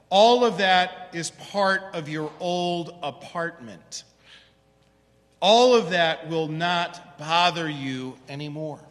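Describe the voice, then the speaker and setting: High-voiced pastor preaching in a reverberant hall. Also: male voice, a bit bright. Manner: conversational preaching with frequent "right?" asides. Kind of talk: sermon. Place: church sanctuary.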